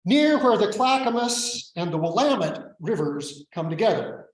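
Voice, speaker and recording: Slow, high-voiced priest in an echoey church. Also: male voice, sing-song, far from the mic. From Oregon, USA. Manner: measured, reflective preaching with gentle humor. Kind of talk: sermon. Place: church sanctuary.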